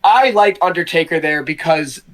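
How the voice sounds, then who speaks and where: High-voiced excitable podcast co-host, a man. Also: normal speed. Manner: excited storytelling, swearing freely. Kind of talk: casual chat. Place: call with co-hosts.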